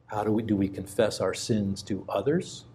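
A middle-aged man preaching, a pastor telling a personal story in a conversational, halting way with frequent restarts. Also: on the low side, mellow.

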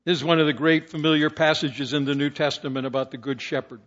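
A man's voice: a little high, fairly even intonation, quick pace, fairly bright tone. Older male preacher, muffled recording. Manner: storytelling, quoting scripture with rising emphasis. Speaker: pastor. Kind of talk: sermon.

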